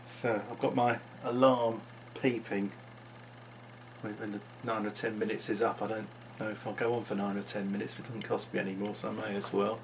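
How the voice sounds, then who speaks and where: A man's voice: on the low side, little pitch movement, brisk, vocal fry, a little hiss or hum. A man talking unscripted into his vlog, musing and rambling with frequent restarts. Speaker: vlogger.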